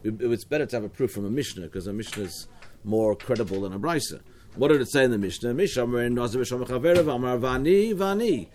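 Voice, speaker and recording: A man's voice: mid-range voice, expressive, fast talker, darkish tone, a little hiss or hum. A man with an Australian accent teaching a Talmud study class, explaining step by step with frequent restarts and asides.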